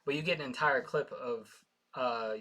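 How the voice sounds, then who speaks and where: A man chatting casually as a co-host on an anime recap. His voice is mid-pitched and ordinary, and he often stalls and restarts his sentences. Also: moderate pace, a crowd in the background. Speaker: podcast co-host.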